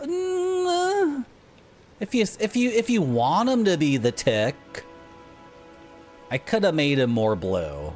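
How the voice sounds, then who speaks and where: A woman streamer rambling through casual, self-mocking gaming commentary. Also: a bass voice.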